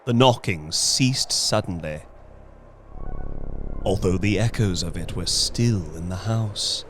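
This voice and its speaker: A man's voice: deep voice, a bit bright. A man narrating a suspenseful classic horror tale in a dramatic audiobook reading. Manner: slow, suspenseful storytelling. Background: faint music.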